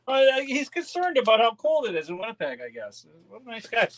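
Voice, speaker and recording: A man's voice: sits high, very animated, fairly quick, hardly any pauses. A man hosting a live beer unboxing stream, chatting casually, laughing often and greeting viewers by name. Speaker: beer channel host.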